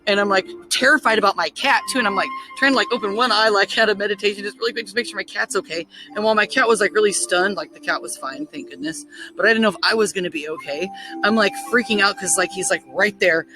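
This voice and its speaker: A woman casually telling a story, excitable and full of "like" fillers, acting out her own thoughts in quotes. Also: mid-range voice, fast talker, a little hiss or hum, low-quality recording. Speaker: spiritual storyteller.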